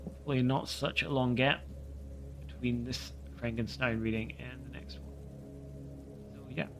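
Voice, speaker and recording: A man reading a classic novel aloud on a livestream in a steady, measured way. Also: medium pitch, over music, poor audio.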